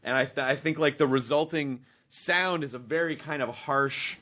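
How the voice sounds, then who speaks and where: A man's voice: a little high, moderate pace, bright, forceful tone. An American man hosting a podcast, chatting casually and enthusiastically with many restarts. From United States. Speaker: podcast host. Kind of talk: casual interview chat.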